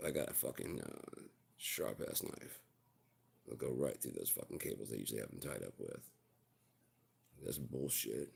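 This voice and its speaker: A man's voice: rumbling low, lively intonation, moderate pace, gravelly, long pauses, a little mellow, slightly rough. A man hosting a livestream, telling rambling stories in casual, profane chat. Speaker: livestream host.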